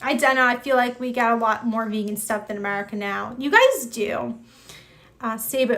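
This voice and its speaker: A woman hosts a relaxed livestream and talks easily with her viewers. Her voice sits high and rings bright. She giggles often and keeps the chat flowing. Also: brisk. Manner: chatty, giggly, reads out viewer comments. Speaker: livestream host. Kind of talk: casual chat with live viewers.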